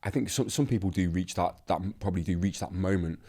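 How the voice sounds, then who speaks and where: Low-voiced man, reflective and halting. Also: dark tone. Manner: reflective, halting, many restarts. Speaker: interview guest, actor. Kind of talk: candid conversational interview.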